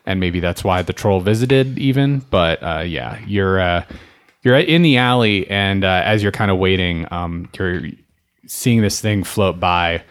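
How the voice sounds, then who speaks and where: A man's voice: deep voice, measured pace. A man narrating as game master of a tabletop game, describing scenes at an easy pace with many fillers. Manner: relaxed, filler-heavy describing.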